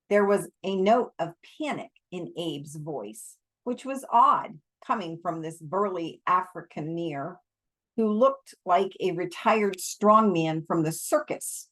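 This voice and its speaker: A woman reading a novel aloud for an online audience, with relaxed, chatty asides. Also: fairly low pitch, slow pace. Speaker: storybook reader.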